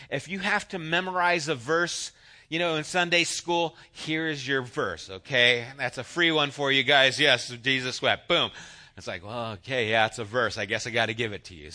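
Man, pastor, sermon delivery: slow, bright and slightly high, loud emphasis dropping to hushed asides. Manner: storytelling, swings from loud to hushed. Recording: church sermon audio.

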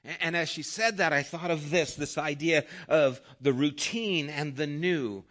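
A man preaching a sermon as a pastor, retelling a story and quietly voicing the quoted thoughts. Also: a little high, measured pace.

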